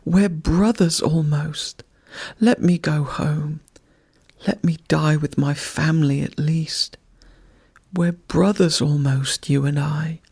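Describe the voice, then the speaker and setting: A reader voicing a wounded male fox, proud and bitter, who pleads softly and then hisses with contempt, read as a bedtime story. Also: mid-range voice, fairly even intonation, slow, husky. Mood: pleading.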